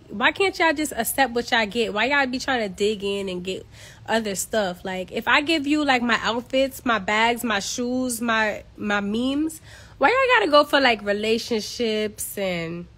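A woman from Queens, New York, with a slightly high, fairly bright voice rants bluntly and with exasperation on a casual phone livestream from home. She's a social media personality.

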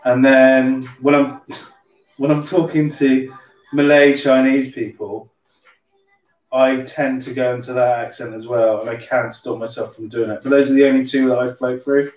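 A man's voice: mid-range voice, level tone, normal speed, a little mellow. A man with a light Somerset twang hosting a casual drink-along livestream, chatting in a rambling way and swearing offhandedly. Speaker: livestream host. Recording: roomy, distant, dull sound with music behind.

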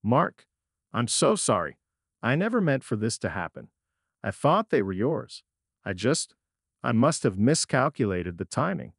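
A man's voice: mid-range voice, very animated, a little slow, gravelly, husky, no echo, clean studio sound, exaggerated voice. A man voicing a guilty, unfaithful wife who pleads desperately through her sobs. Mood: pleading.

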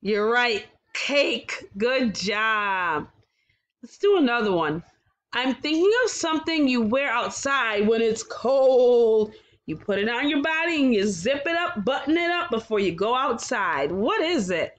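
A woman teaching a kindergarten phonics lesson, slowly sounding out words and praising the children with exaggerated, sing-song encouragement. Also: fairly high pitch, lively intonation. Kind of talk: slow, clearly enunciated phonics lesson for young children.

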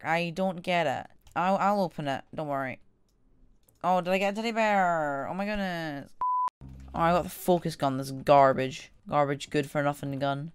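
A woman giving casual gameplay commentary as a gaming YouTuber, excitable and trash-talking, shouting at enemies. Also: low voice, moderate pace, slight background noise.

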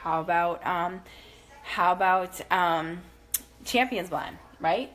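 A woman in her thirties with a fairly low, slightly bright voice speaks at a slow pace while giving a casual house tour to the camera. Walking room to room, she's chatty and upbeat but a little out of breath, often checking in with "okay?" and "guys."

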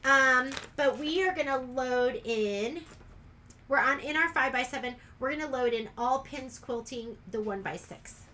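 A woman's voice: high-pitched, normal speed, bright, forceful tone, slight background noise. A woman teaching a casual sew-along in her sewing room, chatty and rambling as she works. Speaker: sewing instructor.

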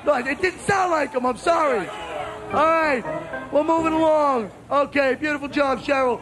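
A man hosting a game show outdoors, shouting wisecracks and teasing the contestants. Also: very high voice, animated, moderate pace. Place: outdoors at a spring break beach event. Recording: loud crowd and music at outdoor taping. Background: loud cheering crowd and music.

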